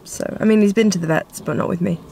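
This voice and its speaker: A woman's voice: medium pitch, fast talker, gravelly, warm tone, slight background noise. A young woman, talking casually to camera in a chatty, sweary, self-mocking way. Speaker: vlogger. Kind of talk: casual vlog talk.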